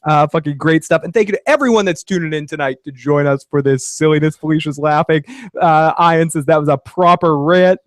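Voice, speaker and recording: A man's voice: a little high, a little fast, no echo, studio quality. A man hosting a casual live stream, laughing often and reading out viewer comments. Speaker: podcast host.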